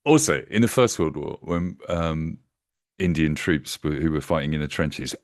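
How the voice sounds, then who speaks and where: A man's voice: a bass voice, lively intonation, moderate pace, no room sound, clean studio sound. A man hosting a casual political chat over a video call, telling stories and acting out the voices of the people in them. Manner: storytelling, acts out quoted voices. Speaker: host.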